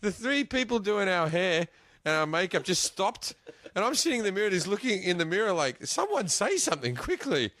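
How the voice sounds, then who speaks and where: A man telling a comic story in an animated, swearing, laughing way. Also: sits high, a little fast, no echo, clean studio sound. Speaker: guest.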